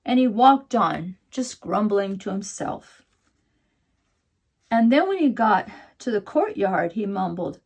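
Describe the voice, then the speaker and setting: A woman teaching a children's watercolor painting lesson and telling a story in a gentle, soothing way. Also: medium pitch, sing-song, takes it slowly, slightly rough. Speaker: art teacher.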